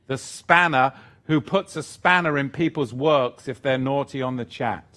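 Slow, unhurried male Bible teacher. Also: medium pitch, fairly bright tone. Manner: rambling, thinks aloud with restarts. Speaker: Bible teacher answering viewer questions. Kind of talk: live-stream Q&A teaching.

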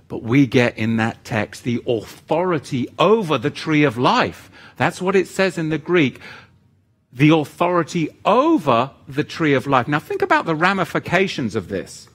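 A middle-aged man preaching a sermon, animated, moving between intense emphasis and joking asides. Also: medium pitch, a little slow.

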